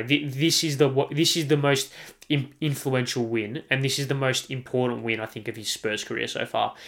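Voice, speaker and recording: An Australian man holds forth alone on his podcast, hammering his points home by saying them again and again. He talks at a middling pitch and swears without a second thought. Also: a bit bright. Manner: emphatic, repeats himself, swears freely. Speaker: podcast host. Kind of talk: solo sports podcast rant.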